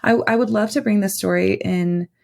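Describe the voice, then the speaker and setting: A woman's voice: mid-range voice, steady tone, normal speed, vocal fry, darkish tone. A woman guest on a podcast, telling a personal story in a rambling, casual way, full of fillers and restarts.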